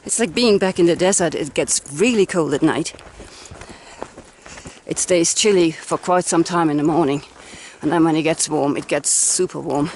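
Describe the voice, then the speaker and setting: A chatty woman narrates a hiking vlog into a handheld camera on a mountain trail, laughing often and feeling cold from icy water. Her low-pitched voice is a little mellow at normal speed, with a bit of hiss or hum in the recording.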